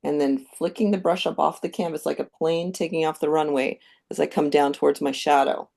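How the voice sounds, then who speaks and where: A woman giving a live painting demonstration, calmly explaining each step as she thinks aloud. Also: sits low, brisk, creaky. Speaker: painting instructor.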